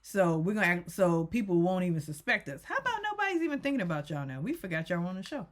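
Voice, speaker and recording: A woman's voice: fairly low pitch, wildly swooping pitch, quick pace. A woman vlogger giving a chatty, rant-style recap of a TV show, talking straight to her viewers with teasing asides.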